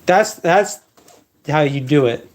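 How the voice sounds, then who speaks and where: Male live-stream host, unhurried pace, emphatic and repetitive, joking monologue. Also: on the high side, lively intonation. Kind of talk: rambling casual monologue.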